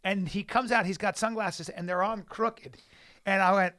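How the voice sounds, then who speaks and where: A man's voice: high voice, steady tone, moderate pace, bright, forceful tone, dry recording. A man co-hosting a podcast in a studio, telling stories animatedly and swearing freely. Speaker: podcast co-host. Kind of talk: casual chat.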